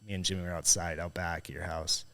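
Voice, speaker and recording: A man hosting a podcast, telling a personal story in casual, profane, animated conversation. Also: low-pitched, fast, vocal fry. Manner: profane, animated when retelling a confrontation. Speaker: podcast host.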